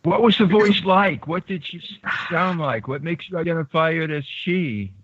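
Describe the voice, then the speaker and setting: A man hosting an interview, asking gentle, probing questions in a breathy voice. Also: fairly high pitch, normal speed. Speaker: interview host. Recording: dull lo-fi call audio.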